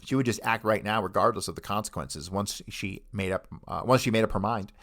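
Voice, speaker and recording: A man's voice: lowish voice, fairly quick, fairly bright tone. A man reading aloud the testimony of a middle-aged woman witness with a Louisiana accent, answering in a plain, matter-of-fact way.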